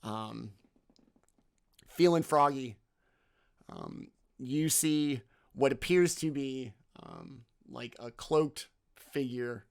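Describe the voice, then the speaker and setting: A man narrating a tabletop game as game master, halting and full of ums and uhs. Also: medium pitch, gravelly.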